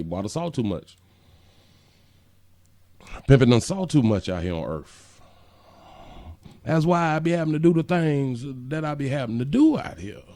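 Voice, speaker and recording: A man's voice: on the high side, a little mellow, no echo. A man hosting a casual livestream, reading out viewer comments in a playful, slangy way with frequent stammered fillers. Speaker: livestream show host.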